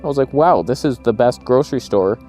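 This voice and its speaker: A man's voice: mid-range voice, animated, brisk, mellow, faint music behind. A man vlogging casually while walking outdoors, rambling through wry, jokey stories. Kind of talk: casual vlog chat. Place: walking outdoors in a small town.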